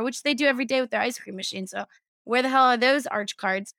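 Woman host, higher than average, animated casual chat with cursing commentary. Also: moderate pace, clean tone, no echo. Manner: animated, swearing, sarcastic asides. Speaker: podcast host. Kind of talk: casual chat, reading a news story.

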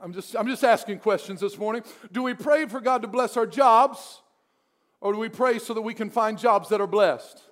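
A man pastor preaching a sermon, moving between soft prayer and emphatic, repeated phrases. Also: high voice, normal speed.

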